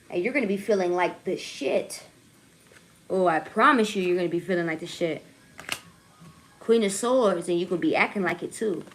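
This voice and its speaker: Playful, chatty young woman reading tarot. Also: mid-range voice. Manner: chatty and playful, swears, jokes and laughs at herself; repeats "okay?" and "right?" to check in with viewers. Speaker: tarot reader. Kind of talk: casual tarot reading to camera.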